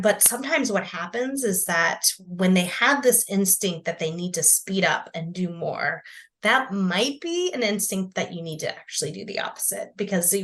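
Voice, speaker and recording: A woman's voice: on the low side, fairly bright tone. Chatty woman psychotherapist, filler-heavy. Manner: chatty, many fillers and laughs. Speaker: psychotherapist guest. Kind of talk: casual podcast interview.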